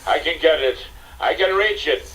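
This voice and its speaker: A man's voice: a little high, lively intonation, moderate pace, a bit bright, distant mic, voice pushed up, low-quality recording. An older man voicing an adventurer hero in an audiobook, calling out urgently and straining.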